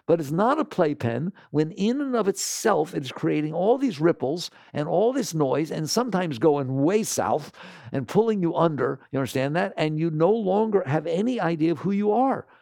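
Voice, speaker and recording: A man with a gravelly voice gives a spiritual talk to an audience. He is animated, laughs often and acts out imagined voices. The sound is dry and close, with no room echo. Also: high voice. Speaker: spiritual teacher.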